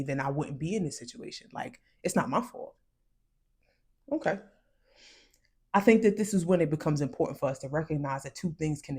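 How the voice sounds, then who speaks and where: Woman vlogger, husky voice, chatty and emphatic, slows down to hit points. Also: sits low, dark tone. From United States, raised by West Indian parents. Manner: conversational, emphatic, with slowed-down stressed phrases. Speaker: commentary vlogger. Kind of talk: casual psychology commentary.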